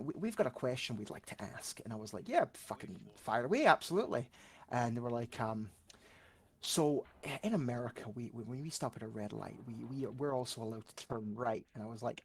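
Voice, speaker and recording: A Scottish man, a streamer, telling anecdotes in casual chat, animated and swearing freely. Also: mid-range voice, husky. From Scotland.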